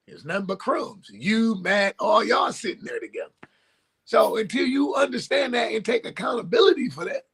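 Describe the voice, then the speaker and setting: Husky guy with a high lively voice going off on football, blunt and loud about it. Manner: emphatic, blunt, animated. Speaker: sports talk co-host. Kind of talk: casual sports debate.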